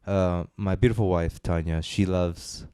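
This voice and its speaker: A man co-hosting a casual podcast, telling a story in a laid-back way and quoting others in low asides. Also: fairly even intonation, unhurried, dark tone, clean tone, dry recording, clean studio sound. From United States. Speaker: podcast co-host. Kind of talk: casual chat.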